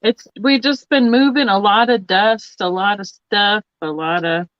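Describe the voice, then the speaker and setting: A woman's voice: mid-range voice, unhurried, no room sound, lo-fi sound. A woman chatting casually on a live stream, rambling and trailing off mid-sentence. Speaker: regular viewer on the stream.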